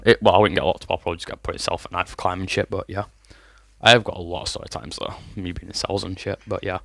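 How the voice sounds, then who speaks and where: A man's voice: deep voice, little pitch movement, quick pace, gravelly, fairly bright tone, dry recording. A man, telling a rambling, sweary storytime to his vlog audience while fighting a cough. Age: 20s. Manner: rambling, swears often, lots of fillers. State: has a cough. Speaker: vlogger.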